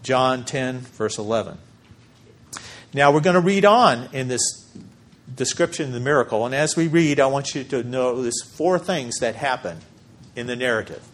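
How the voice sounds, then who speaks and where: A man preaching a sermon as pastor, measured and emphatic, with deliberate pauses for weight. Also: mid-range voice, lively intonation.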